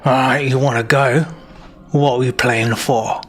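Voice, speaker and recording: A man's voice: medium pitch, steady tone, measured pace, lightly acted. A man voicing a huge, tough male bugbear who bosses his bowling team around in a tabletop game. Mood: gruff.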